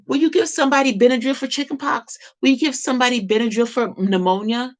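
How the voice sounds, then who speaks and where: A woman's voice: on the high side, fast talker. A woman talking to camera in an impassioned monologue, emphatic and repetitive, firing off rhetorical questions. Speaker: vlogger.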